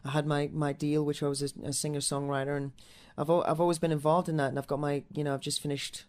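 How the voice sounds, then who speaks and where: Fast and rambling, a Newcastle-born musical theatre actor and singer gives interview answers full of restarts and fillers. His voice is fairly high and level, and his accent mixes American and Northern English.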